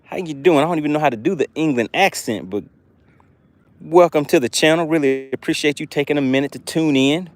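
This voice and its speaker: A man's voice: on the high side, fairly quick, no room sound. A man hosting a fishing live stream from a boat outdoors, chatting and thanking his viewers.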